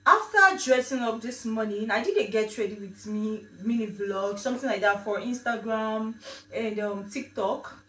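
A woman's voice: on the high side, normal speed. Chatty woman in an echoey kitchen. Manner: chatty, animated storytelling, repeats herself. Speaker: vlogger. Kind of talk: casual vlog chat. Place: home kitchen. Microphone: phone camera. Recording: echoey room, mic at a distance.

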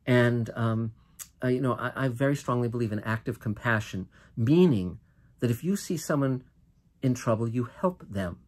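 A man's voice: medium pitch, moderate pace, a little mellow. An older American man delivering an earnest, impassioned political monologue, often restarting and stretching out key phrases for emphasis. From United States. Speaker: host.

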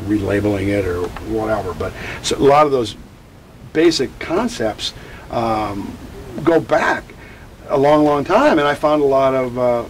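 A man's voice: medium pitch, lively intonation, unhurried, slight background noise, low-quality recording. An older man, a grief educator, telling personal stories in an interview and often stopping to repeat and restart his words. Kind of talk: candid personal storytelling in an interview.

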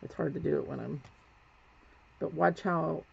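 Lady doing a live paint demo, super gravelly voice, kinda dull lo-fi sound w faint hiss. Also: sits low, moderate pace, a little mellow. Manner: chatty, talks while working, self-correcting. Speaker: painting instructor.

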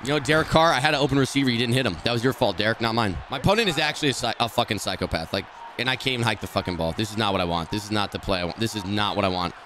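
A man streaming a football video game, talking through each play and often swearing and yelling at the game in frustration. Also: on the low side, rapid-fire, slight background noise. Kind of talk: live gameplay commentary.

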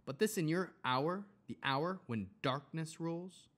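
Man reading as a calm, earnest teacher, slightly lifted voice. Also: on the high side, pitched above the performer's own voice. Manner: earnest, measured, slightly raised.

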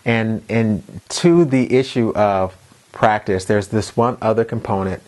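A man hosting an interview and asking measured questions, often nodding along with short affirmations. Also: fairly low pitch, a little mellow. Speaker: interview host and college teacher.

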